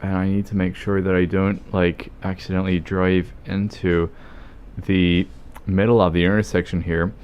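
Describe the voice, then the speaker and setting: A man's voice: sits low, little pitch movement, normal speed, a little mellow, highs cut off, slight background noise. An Australian man chatting casually as a livestreamer over gameplay, rambling and joking with plenty of swearing. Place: home streaming setup.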